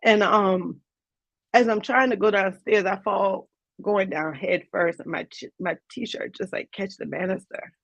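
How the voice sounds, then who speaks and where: A woman's voice: medium pitch, fairly even intonation, unhurried, no room sound. A woman, a guest on an interview show, earnestly retelling a personal story in vivid detail. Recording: dull lo-fi dry sound.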